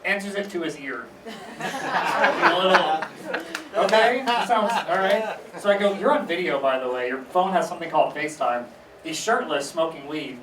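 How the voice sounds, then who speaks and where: Young guy doing a standup set, kinda high voice, deadpan, room echo and mic far off. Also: brisk, very noisy. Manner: conversational, deadpan asides, acts out family voices. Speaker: stand-up comedian. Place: small theater stage. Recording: echoey room recorded from far off.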